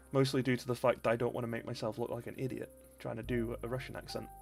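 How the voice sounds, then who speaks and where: A man's voice: medium pitch, little pitch movement, a little fast, creaky. A man giving casual, rambling commentary while streaming a game, chatting and laughing often. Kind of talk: casual let's-play commentary. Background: faint game music.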